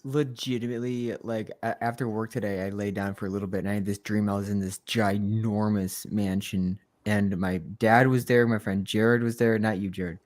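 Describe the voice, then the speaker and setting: A man's voice: lowish voice, fairly even intonation, moderate pace, few pauses. A man, a guest on a livestream chat, telling stories in a laid-back, joking way.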